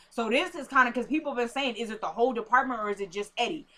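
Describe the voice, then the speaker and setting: A woman casually recapping a TV episode, acting out characters' lines in an animated, chatty way. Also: on the high side, fast, hardly any pauses. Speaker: TV recap host.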